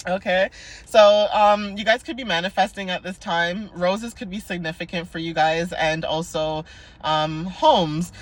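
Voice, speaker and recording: A young woman giving a casual spiritual card reading in a chatty, playful, sassy way, laughing often. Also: fairly low pitch. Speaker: oracle card reader.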